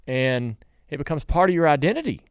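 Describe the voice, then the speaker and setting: Host: middle-aged man, gravelly but smooth tone, rambling casual questions. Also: fairly high pitch, sing-song, a little fast, dry recording, studio quality. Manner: rambling, self-interrupting questions. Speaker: podcast host. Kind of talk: casual interview chat.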